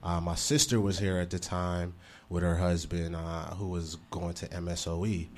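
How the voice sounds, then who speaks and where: A man's voice: deep voice, little pitch movement, normal speed. A man from the US Virgin Islands, a guest in a studio, telling stories in a casual chat and laughing often.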